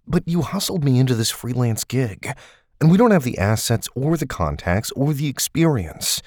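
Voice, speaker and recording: A man's voice: medium pitch, very animated, moderate pace, a little mellow, no room sound, clean studio sound, pitched above the performer's own voice. A male narrator voicing a tense, blunt ex-agent who speaks tersely and coolly. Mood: cool, cutting. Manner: terse, cool and cutting. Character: tense, blunt man, fed-up ex-field agent partner.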